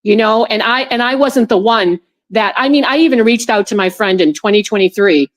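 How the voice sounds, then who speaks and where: A woman's voice: fairly high pitch, fairly quick. A woman guest in an interview, telling a personal story in a rambling way with many restarts and repeated words, on a video call. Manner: animated when recounting her friends' words.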